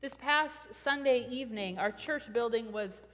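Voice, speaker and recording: A woman pastor delivers a sermon in a fairly high voice, slowing for emphasis and pausing deliberately on key words. Her voice carries the long reverb of a church sanctuary. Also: a bit bright. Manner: measured, emphatic preaching with deliberate pauses.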